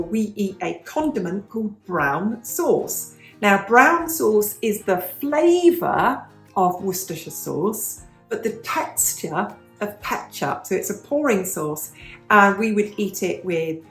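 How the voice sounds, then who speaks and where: A fairly bright, medium-pitched voice carries through an echoey room as a British vlogger in her fifties chats casually, answering questions. The former English teacher takes her time explaining and restates the key points.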